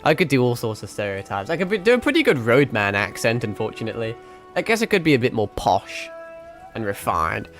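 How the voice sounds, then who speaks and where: A man's voice: mid-range voice, big pitch swings, fairly quick, a bit bright, faint music behind. A man born in Britain, streaming a game, chatting in a rambling, sweary, self-mocking way. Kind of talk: casual gameplay commentary.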